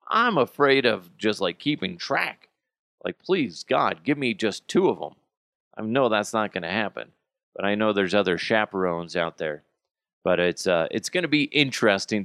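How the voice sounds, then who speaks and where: A man in his thirties talks through a casual solo podcast monologue, joking and swearing freely. His pitch swings widely and sits on the lower side. The sound is dry and close, as if recorded in a home basement. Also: no echo. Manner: animated, joking and profane. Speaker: podcast host.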